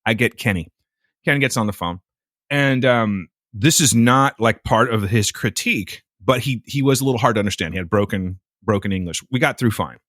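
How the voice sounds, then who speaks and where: At a moderate pace and in a lowish voice, a podcast co-host shares a story in a casual, exasperated manner, animated and heavy on swearing. The studio-quality recording has no echo.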